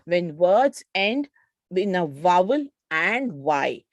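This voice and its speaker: A woman's voice: on the low side, sing-song, takes it slowly, dry recording. A woman with an Indian English accent teaching an online grammar lesson, patiently explaining spelling rules and reading out word lists.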